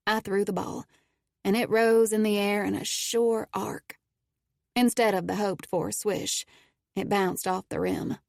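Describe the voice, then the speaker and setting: Gravelly woman narrating an audiobook. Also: medium pitch, no echo, studio quality. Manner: steady, intimate storytelling. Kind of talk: first-person audiobook narration.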